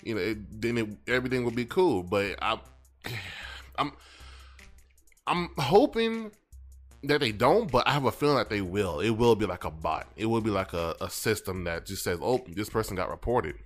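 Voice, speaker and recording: A man's voice: fairly low pitch, expressive, normal speed, faint music behind. A man co-hosting a casual podcast, talking in a loose, rambling, slangy way. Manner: loose, rambling, slangy, reads chat aloud. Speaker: podcast co-host. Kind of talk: casual chat.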